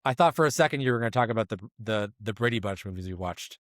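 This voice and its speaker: A man's voice: on the low side, animated, fast, a bit bright, no room sound, studio quality. A man co-hosting a podcast, chatting in an easygoing, wry way. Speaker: podcast co-host. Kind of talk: casual chat.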